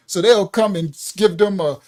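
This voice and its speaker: A man's voice: sits high, unhurried, a little mellow. An older man hosting a casual livestream, reading viewer comments aloud, laughing often and searching for words with plenty of fillers. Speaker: livestream host. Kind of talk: casual live-stream chat.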